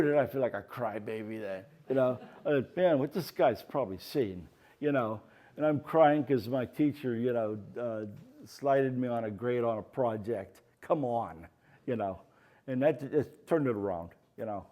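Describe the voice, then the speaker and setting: An older man from the Pittsburgh area, the featured artist at a gallery talk, tells rambling, anecdotal stories to a live audience, sprinkling in plenty of "you know." His mid-range voice has a dark tone and moves at a normal speed. He acts out the quoted voices in his tales.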